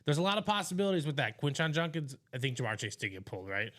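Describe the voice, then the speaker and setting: A man co-hosting a live stream, energetically pitching to viewers in casual chat. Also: very animated, very fast, fairly bright tone.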